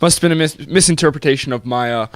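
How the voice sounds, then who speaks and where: A man's voice: fairly high pitch, racing, dry recording. A young man from the audience joining a casual football podcast, correcting stats hesitantly with many fillers. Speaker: guest from the audience. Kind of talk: casual sports podcast chat.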